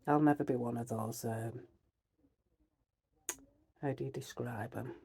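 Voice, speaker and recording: A woman with a broad Northern English accent talks straight to her viewers, plain-spoken and rambling. Her voice sits low and mellow with a husky edge, and she drifts from filler to filler. She sounds middle-aged. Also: steady tone, measured pace. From Northern England. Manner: blunt, chatty, rambling with many fillers; heated, ranting. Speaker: vlogger. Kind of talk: casual chat to camera.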